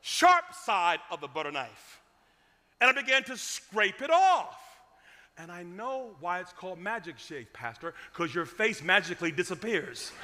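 A man from Cleveland preaching a storytelling sermon, with humor and dramatic swings from loud to hushed. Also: high-pitched. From Cleveland, USA. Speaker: guest preacher. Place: church sanctuary. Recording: long reverb of a church sanctuary.

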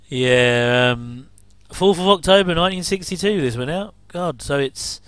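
A man's voice: fairly high pitch, lively intonation, slow, a bit bright, clean tone, dry recording. A man giving a casual, rambling commentary over an old TV episode, with frequent chuckling asides.

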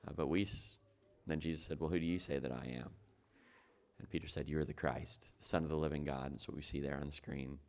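A man's voice: very deep voice, fairly even intonation, quick pace, gravelly, darkish tone. A man preaching a sermon as pastor, talking it through in a conversational way and asking his listeners rhetorical questions.

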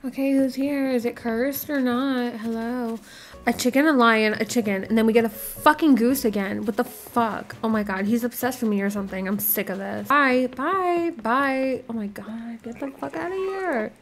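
A woman's voice: on the high side, moderate pace. A woman hosting her gaming channel, reacting with dramatic, profane, exaggerated outbursts during casual game commentary.

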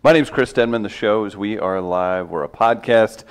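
A man hosting a morning podcast from a studio, with casual banter and a dry, deadpan sense of humor. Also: on the low side, normal speed, clean tone. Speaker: podcast host.

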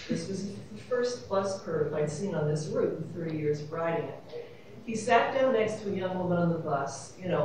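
A woman's voice: lowish voice, a little mellow, a little hiss or hum. A woman, a panelist telling a rambling, wry anecdote with laughs. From New York City. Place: convention panel room, echoey. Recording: echoey room from far off, audience murmur.

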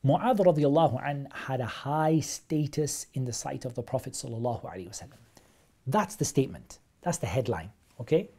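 A man's voice: medium pitch, expressive, fairly quick, dark tone, breathy edge. A man teaching a live online religious lesson, explaining texts step by step and repeating phrases for emphasis. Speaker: Islamic studies teacher.

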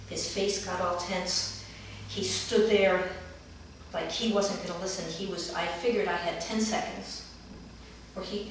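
Calm woman therapist in an echoey room. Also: on the low side, slight background noise. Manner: calm, gentle storytelling, livelier when acting out children. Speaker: dance movement therapist. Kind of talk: storytelling a therapy session. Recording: roomy echo, heard from a distance.

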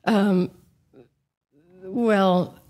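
A woman's voice: medium pitch, fairly even intonation, very slow, a little mellow. A woman guest and coach on a podcast, talking frankly and with animation, with many fillers. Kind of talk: casual conversation.

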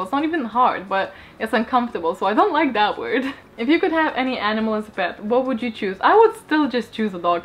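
A young woman, a book YouTuber whose voice is going hoarse, reading viewer questions aloud and answering them in a casual chat. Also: fairly high pitch, a bit bright. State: hoarse, losing her voice.

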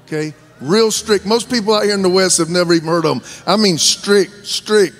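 A man's voice: sits high, fairly quick, faint music behind. Southern preacher man, folksy and fervent. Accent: Southern American. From American South. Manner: folksy, joking, rising to shouted fervor. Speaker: guest pastor. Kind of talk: sermon. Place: large church sanctuary.

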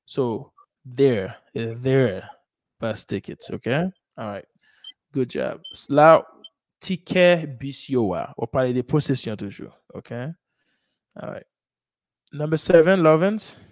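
A man's voice: medium pitch, expressive, slow, pauses often, no room sound. Male English teacher, patient and repetitive, close dry sound. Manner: explains in Haitian Creole and French, repeats English sentences; asks and praises students, says "ok?" and "good job". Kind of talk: classroom teaching.

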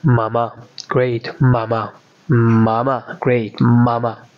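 A man's voice: medium pitch, flat delivery, slow, dry recording. A man from Georgia with a Georgian accent, teaching a beginner language lesson and patiently repeating each word many times. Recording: dull, dry lo-fi audio.

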